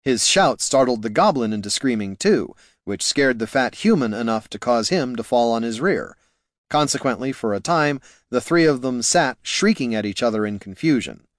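Wry male fantasy audiobook narrator, mid pitch, dry close recording. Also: expressive, normal speed, no room sound.

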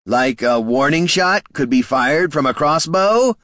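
A man's voice: on the high side, animated, measured pace, a bit bright, no echo, studio quality, pitched above the performer's own voice. A man voicing a greedy, nervous male bandit who talks in a glib, jittery way. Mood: glib, uneasy.

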